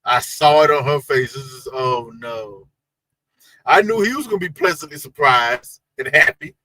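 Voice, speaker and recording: A man co-hosting a reality TV recap chat, animated, emphatic and full of slang. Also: mid-range voice, moderate pace, no room sound, poor audio. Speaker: co-host of a reality TV recap show. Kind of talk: casual chat.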